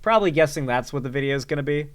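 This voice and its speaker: A man's voice: on the high side, expressive, racing. A man hosting casual reaction commentary in a sarcastic, rambling way. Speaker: commentary host.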